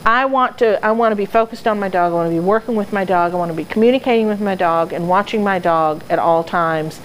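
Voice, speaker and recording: A woman with a medium-pitched voice answers questions from the audience at a dog training club hall, earnest and explanatory, with the occasional laugh at her own expense. The audio quality is poor and has some background noise.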